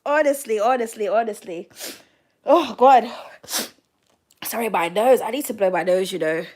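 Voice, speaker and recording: Giggly high-voiced young woman. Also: moderate pace. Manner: giggly, swears freely, loud outbursts. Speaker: tarot reader hosting a live reading. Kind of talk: casual live chat reading comments.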